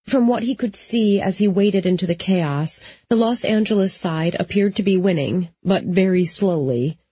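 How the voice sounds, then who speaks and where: A woman narrating an audiobook in a steady, even storytelling manner. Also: fairly low pitch, normal speed, husky, dry recording, muffled recording.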